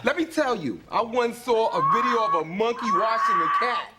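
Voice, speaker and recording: A naive, excitable sketch character gushes in a high, swooping voice. Loud noise runs under this TV clip. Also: male voice, normal speed. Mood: wide-eyed. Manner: gushing, wide-eyed.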